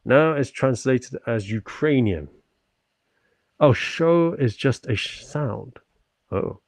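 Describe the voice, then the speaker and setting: A man's voice: medium pitch, lively intonation, slow pace, no room sound. A man from the UK chatting on his livestream, answering viewers politely and earnestly after a stretching session. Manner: polite and earnest, often thankful; talks while stretching and working out.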